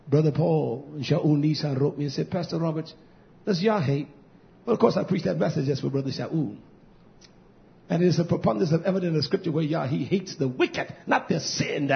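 A male pastor preaching a fiery sermon, swinging from loud shouting to hushed near-whispers and repeating key phrases. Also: on the high side, fairly quick, vocal fry. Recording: dull lo-fi recording.

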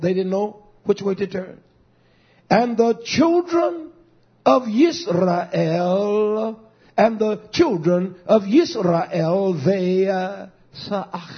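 A man preaching a sermon with emphatic repetition, swinging between quiet low passages and raised calls. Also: slightly rough. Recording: dull lo-fi recording.

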